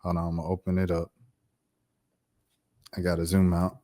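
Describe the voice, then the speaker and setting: A man around thirty telling a personal story on his vlog in a casual, slangy, animated way. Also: sits low, moderate pace. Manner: animated, slangy, acts out voices. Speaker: YouTuber.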